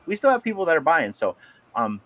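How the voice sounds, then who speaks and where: A man co-hosting a casual livestream about collectibles, animated and laughing often as he greets viewers by name. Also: a little high, a little fast. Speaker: livestream co-host.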